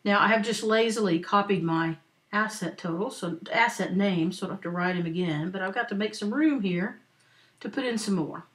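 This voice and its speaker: In a screen-recorded lecture, a female accounting teacher steps through a worked example with patience and a slow pace suited to note-taking. Her mid-range voice has a fairly bright tone, and she keeps checking in with "okay?" and "right?".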